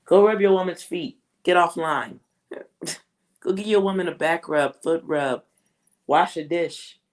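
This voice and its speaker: A woman giving a live tarot reading to a viewer, blunt and slangy, often laughing, swinging between loud outbursts and hushed asides. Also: lowish voice, slow pace, poor audio. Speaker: tarot reader.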